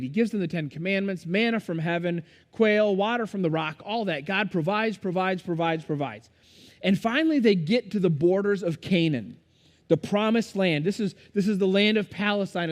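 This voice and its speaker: A high-pitched male pastor delivers a sermon in a church sanctuary, and his voice trails off into a long reverb. His style is loose and conversational, and he keeps checking in by asking the congregation questions.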